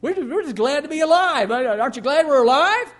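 A man's voice: expressive, brisk. A man putting on panicked pleading fishermen. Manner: high, loud, pleading. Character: panicked frightened men, fishermen disciples, pleading.

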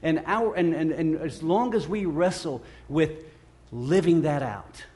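A middle-aged man preaching to his congregation in a slightly high voice. He talks earnestly and haltingly, circling back over his words and repeating himself before he lands a point. When he acts out the scripture his voice swells and grows louder. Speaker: pastor. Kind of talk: sermon.

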